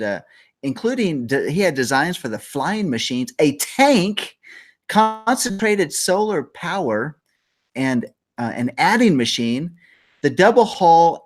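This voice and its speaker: A middle-aged man hosting a casual morning show, rambling and joking, often laughing. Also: on the high side. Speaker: host.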